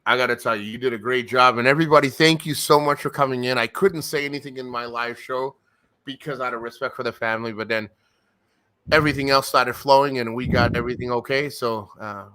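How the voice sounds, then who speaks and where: A man with a bright, forceful voice talking on a live stream. He rambles, restarts his sentences and retells conversations in an emotional, casual way. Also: mid-range voice, steady tone, a little fast, clean tone.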